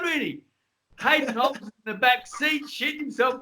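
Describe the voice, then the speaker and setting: An Australian man telling a story in a casual chat, animated and acting out the people in his stories. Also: extremely high pitch, fast. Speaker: guest, former boxer.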